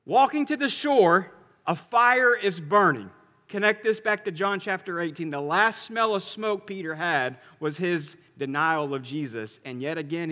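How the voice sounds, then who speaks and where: Bright-voiced preacher in a reverberant hall. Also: male voice, a little high. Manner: animated storytelling, swinging from loud to hushed. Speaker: pastor. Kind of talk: sermon.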